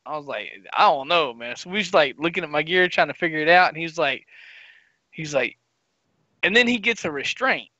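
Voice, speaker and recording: A man's voice: a little high, lively intonation, brisk, bright, forceful tone, no room sound, lo-fi sound. A man co-hosting a gaming podcast, telling a long story in casual chat and acting out his friends' lines. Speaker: podcast co-host.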